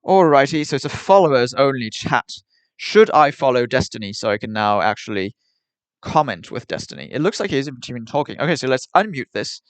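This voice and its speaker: A man's voice: medium pitch, big pitch swings, brisk, dry recording. A young man chatting casually on a livestream in a rambling, wry way, with mock-formal phrasing.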